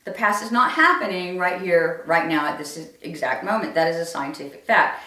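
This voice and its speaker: A woman's voice: fairly low pitch, normal speed, sharp tone. Woman comic, emphatic storyteller who hammers phrases home; room echo, off-mic sound. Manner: emphatic, repeats phrases for effect. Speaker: comedian. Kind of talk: stand-up storytelling monologue. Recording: roomy echo from a distant mic.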